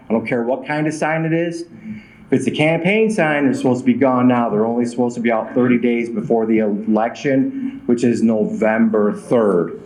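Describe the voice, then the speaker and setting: A man's voice: medium pitch, moderate pace, a little mellow, roomy sound, rough recording. A man from a city ordinance department giving casual reminders at a council meeting, self-deprecating and repetitive. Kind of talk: public comment at a council meeting. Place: council chamber.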